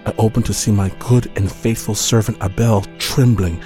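A man narrating a dramatic story in a measured, grave voice with dramatic pauses. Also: fairly low pitch, steady tone, dark tone, faint music behind.

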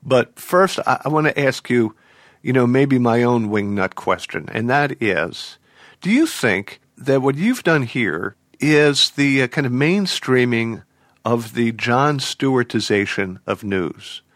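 A man's voice: medium pitch, animated, takes it slowly, fairly bright tone, no echo. A man hosting a radio show, interviewing a guest in a playful, articulate way, then reading the show credits. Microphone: studio microphone. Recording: dry studio sound with faint music.

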